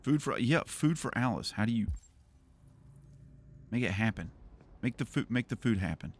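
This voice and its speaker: A man's voice: medium pitch, lively intonation, normal speed. A man streaming a game, chatting casually and rambling through jokes and silly voices. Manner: joking, rambling, laughs at own jokes. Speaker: gaming streamer. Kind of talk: casual gameplay commentary.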